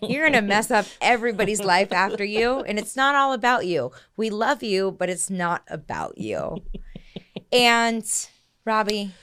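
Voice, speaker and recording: A woman's voice: mid-range voice, very animated, unhurried, fairly bright tone, clear, resonant tone. A woman co-hosting a casual podcast, telling stories animatedly and laughing often. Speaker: podcast co-host, listing agent.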